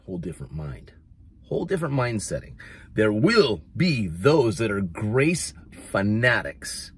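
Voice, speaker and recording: A man from the United States preaching a casual video sermon, animated and building to near-shouts on his emphatic points, mocking the voices he quotes. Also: fairly low pitch, unhurried, breathy edge.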